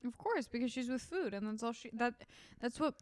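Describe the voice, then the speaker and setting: A woman co-hosting a casual podcast, her voice smooth and clear. The sound is dry and close, with no room around it. She talks in a chatty, teasing way and often trails off mid-sentence. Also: on the high side, animated, a little fast, a little mellow, dry recording. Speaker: podcast co-host. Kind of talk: casual chat.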